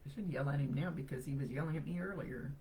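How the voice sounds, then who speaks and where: A woman's voice: low voice, quick pace, creaky, mellow, slight background noise, low-quality recording. A woman psychic medium giving a live reading to viewers, chatty and reassuring as she relays messages.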